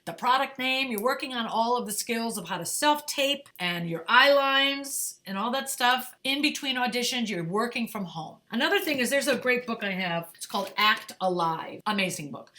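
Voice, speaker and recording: A middle-aged woman with a bright, forward voice gives acting advice straight to the camera. She talks in a conversational way, pressing her points and checking in with her viewers. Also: mid-range voice. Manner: emphatic, conversational, asks "okay?" and "right?". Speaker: talent manager giving acting advice. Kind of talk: direct-to-camera advice talk.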